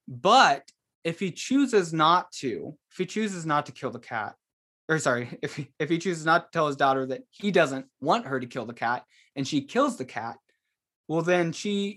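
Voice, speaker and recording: A man's voice: a little high, sharp tone. A man, a guest author, explaining a theological argument in casual conversation, hesitant with many fillers and restarts.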